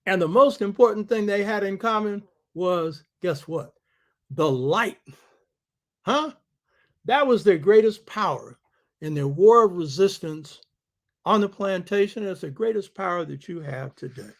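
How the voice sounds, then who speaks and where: A man's voice: sits high, lively intonation, a little slow, vocal fry. A man hosting a show, giving an emphatic lecturing monologue and throwing rhetorical questions at his listeners. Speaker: host.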